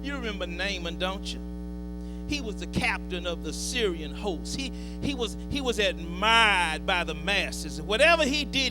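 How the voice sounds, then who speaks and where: A male pastor, preaching a call-and-response sermon that swells into shouts. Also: sits high. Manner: preaching with rising shouts and drawn-out words. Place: church. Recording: hall reverb with faint music and hum.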